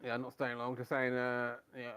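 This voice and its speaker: A man's voice: mid-range voice, completely flat delivery, moderate pace, pushed and bright, clean tone. A man chatting as a sim racing teammate, rambling and blunt, swearing freely. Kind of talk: casual chat.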